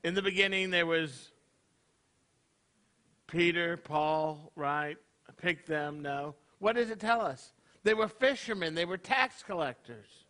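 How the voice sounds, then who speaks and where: A man's voice: fairly high pitch, a little slow, sharp tone. A man, a rabbi preaching a casual, conversational sermon to his congregation, tossing out rhetorical questions. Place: congregation hall.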